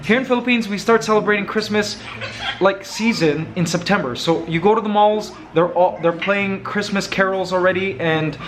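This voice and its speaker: A man's voice: high-pitched, moderate pace, background noise. A man in a casual home vlog, talking playfully and coaxing his pet parrot. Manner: playful, sings snatches of carols. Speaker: vlogger.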